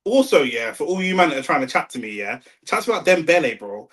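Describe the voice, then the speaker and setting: A young man with a London accent, talking slangy and excitable over a live football match and arguing with his chat. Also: a little high, fast talker. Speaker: watch-along streamer. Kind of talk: live football watch-along commentary.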